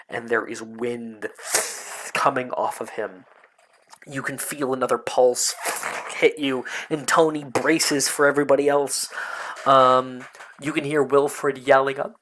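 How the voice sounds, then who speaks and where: Male game master, slow unhurried pacing, halting fillers, casual tabletop narration. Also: medium pitch, a bit bright.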